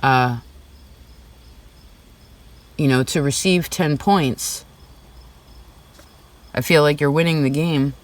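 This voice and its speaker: A man's voice: fairly high pitch, slow, long pauses. A man giving a casual tarot reading, talking in a rambling, chatty way full of "like" and "right?". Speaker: tarot reader. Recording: slightly distant mic.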